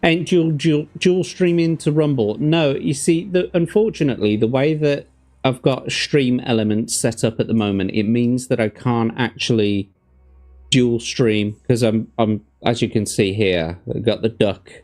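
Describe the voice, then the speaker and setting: A man acting as game master on a livestream chats with his viewers and reads gamebook passages aloud. He's chatty, laughs easily and talks to his chat in an unhurried, mid-range, slightly mellow voice.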